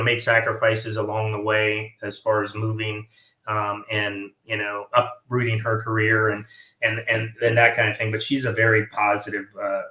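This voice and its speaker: A man with a Southern American accent, a guest chatting about his years in command, talking haltingly with many fillers and restarts. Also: on the low side, pushed and bright. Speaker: guest, former squadron commander. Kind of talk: casual interview chat. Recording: roomy echo.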